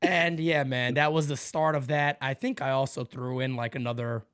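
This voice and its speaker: A middle-aged man hosting a casual sports podcast, an animated storyteller who laughs often and acts out squeaky voices. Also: moderate pace, clear, resonant tone. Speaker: podcast host.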